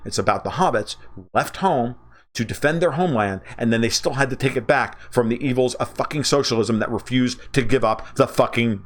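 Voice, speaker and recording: Profane, animated man ranting on a livestream. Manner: profane, emphatic, restarts a lot, pitch jumps up when excited. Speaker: livestream host. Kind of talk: casual livestream rant.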